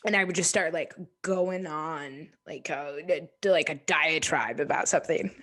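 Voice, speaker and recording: A woman in her twenties, an interview guest, talking reflectively and hesitantly with many pauses and restarts. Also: low voice, a bit bright. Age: 20s. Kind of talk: reflective casual conversation.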